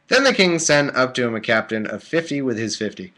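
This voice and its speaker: A man's voice: medium pitch, big pitch swings, a little fast, pushed and bright. A man casually reading aloud on a live stream, breaking off for sleepy, joking asides. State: drowsy. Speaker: host reading and commenting. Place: warm room at home.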